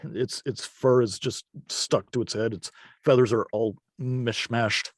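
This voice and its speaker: A man running a tabletop game as game master, narrating scenes in an unhurried, descriptive way with the odd chuckle. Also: medium pitch, fairly even intonation, dry recording, clean studio sound.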